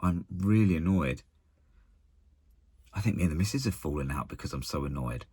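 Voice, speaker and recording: A deep, husky man delivers a casual post-match rant straight to camera. He sounds exasperated and blunt, stumbling and restarting his sentences. The recording is close and dry. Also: a little slow, pauses often, darkish tone, no room sound. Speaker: football fan channel contributor.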